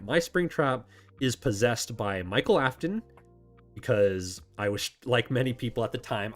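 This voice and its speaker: During a casual live chat with faint music behind, a male channel host answers viewer questions in a low voice with lively pitch swings. He's chatty and rambling, corrects himself, and laughs readily.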